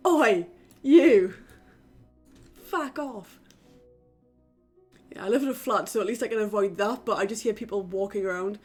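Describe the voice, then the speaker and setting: A young woman from the UK chats away to her live-stream viewers while she plays, loose and talkative, dropping the odd swear word. Her pitch sits in an ordinary middle range. Faint music plays underneath her voice. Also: quick pace, hardly any pauses, breathy edge. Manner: chatty, casual swearing, talks to chat. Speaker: game streamer. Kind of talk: casual live-stream chat. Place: home in a flat.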